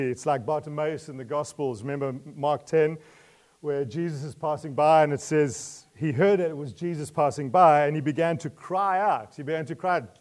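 With a fairly high pitch and a brisk pace, this man preaches to his listeners. He puts questions to them, laughs lightly as he goes, and ranges from soft asides to loud, emotional entreaties.

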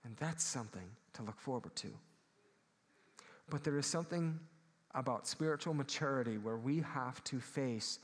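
A Midwestern pastor preaches to his church in an earnest voice, often pausing to ask for an amen. His voice sits at an ordinary middle pitch for a man. The sound carries a long reverb from the hall around him. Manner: earnest preaching, calls for amens. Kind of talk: sermon.

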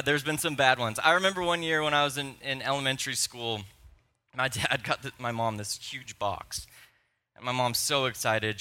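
A young man delivers a sermon as a string of personal anecdotes, chatting more than orating. His voice is strikingly bright and forward, sitting at an ordinary pitch for a man. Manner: storytelling, animated and conversational, with laughs. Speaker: pastor.

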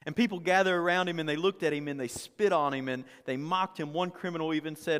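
A man's voice: fairly high pitch, quick pace, hardly any pauses, a bit bright, smooth. Preaching man in a reverberant hall. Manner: conversational, repeats words, asks the congregation questions. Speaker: pastor. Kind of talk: sermon.

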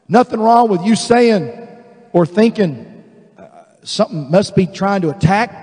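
A male pastor preaching a sermon, animated and emphatic, acting out voices of the people he describes. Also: high voice, big-room sound. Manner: animated, acts out quoted voices, builds to emphatic declarations.

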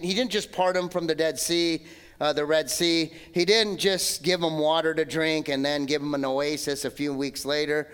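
A man preaching a sermon as pastor, animated and acting out the voices of complainers. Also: a little high, clean tone. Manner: hushed, slow prayer.

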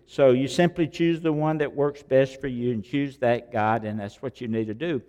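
A man preaching a sermon, emphatic, repeating key phrases and swinging between loud and quiet. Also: medium pitch, steady tone, normal speed, lo-fi sound. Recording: long hall reverb.

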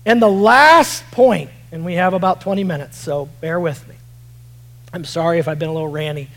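A man preaching a sermon, rising to shouts at moments of emphasis and dropping low while reading scripture, often repeating words and restarting phrases. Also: moderate pace, poor audio. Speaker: pastor.

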